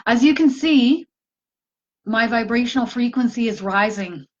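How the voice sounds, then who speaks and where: A woman voicing a wise, joyful female earth spirit, speaking in a slow, solemn and direct way. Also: fairly high pitch, animated, a little mellow, highs cut off. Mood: joyous, solemn.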